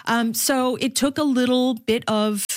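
A woman sportscaster born in the Philippines talking in an interview, animated and laughing often, with lively voices for the people in her stories. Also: fairly high pitch, measured pace, no room sound, studio quality. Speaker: sportscaster guest. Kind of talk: interview conversation.

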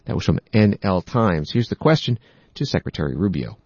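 A low-voiced man reads news reports in an even, matter-of-fact way. His voice sounds close and dry, with no room around it, and the audio is a little dull. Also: fairly quick, husky, dry recording. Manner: steady, matter-of-fact delivery. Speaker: news commentator.

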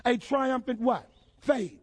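Man, very high voice, pastor, sermon, call-and-response, shouting peaks. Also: takes it slowly. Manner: preaching with call-and-response questions and rising shouts.

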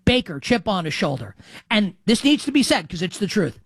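A man's voice: high voice, very animated, fairly quick, a bit bright, no echo. A man in his thirties hosting a sports radio show, delivering a brash, emphatic monologue with jokey asides.

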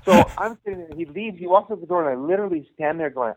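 A middle-aged man, a youth hockey coach, telling his story in an animated, casual way as an interview guest. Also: sits high, fast. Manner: animated, voices quoted dialogue. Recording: phone-like narrow band.

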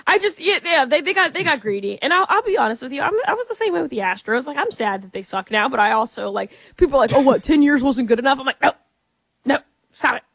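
A young woman co-hosting a sports radio show, telling stories in a quick, animated way. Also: high-pitched, no room sound. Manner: fast, laughing, animated storytelling. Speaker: radio co-host. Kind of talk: casual sports talk.

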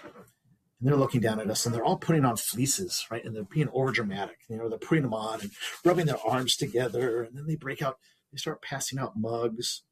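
In this rough recording, an interview guest with a mid-range, very husky voice talks at a brisk clip. His personal story comes out earnest and thoughtful, full of small restarts.

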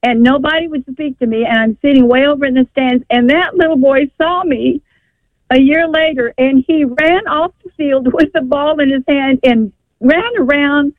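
A woman's voice: high voice, moderate pace, no room sound. Older woman caller; rambling, emphatic storyteller; tinny phone audio. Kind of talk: call-in radio chat. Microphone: telephone.

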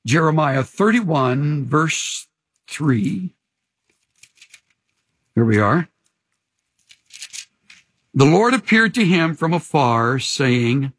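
A man's voice: fairly high pitch, animated, drawn-out words, pauses often, fairly bright tone, husky. A man preaching a sermon, earnest and emphatic, lingering on key words. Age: older. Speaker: pastor.

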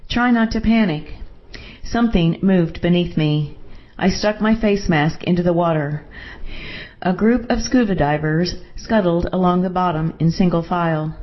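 A woman narrating a first-person story in a calm, measured way. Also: fairly low pitch, dull audio.

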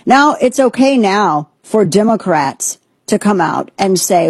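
A woman's voice: medium pitch, lively intonation, unhurried, a little mellow, slightly rough, no echo. A woman hosting a political commentary show, talking in an indignant, sarcastic, emphatic way. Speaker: host.

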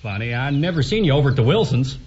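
An actor playing a genial 1920s farmer with an easygoing country drawl, in a radio drama. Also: male voice, medium pitch, very animated, fast, a little mellow, slightly rough. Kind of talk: 1940s radio acting. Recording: dull lo-fi radio recording, faint hiss.

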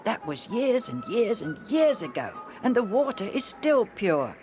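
A woman's voice: medium pitch, unhurried, music in the background, pitched above the performer's own voice. A woman voicing Joe, a bored, restless boy who grumbles and daydreams eagerly. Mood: insistent. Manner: grumbling, then wistful and excited.

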